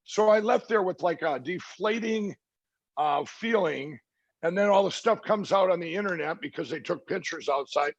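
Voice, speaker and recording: Gravelly man, halting and rambling. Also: high voice, no room sound. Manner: halting, many restarts and fillers, quoting others. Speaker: interview guest. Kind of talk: rambling storytelling interview. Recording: dry, dull lo-fi sound.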